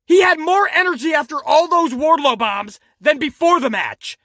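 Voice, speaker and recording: A man reviewing a wrestling show in casual, profane commentary, animated and laughing at his own jokes. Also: very high-pitched, moderate pace, no echo, studio quality.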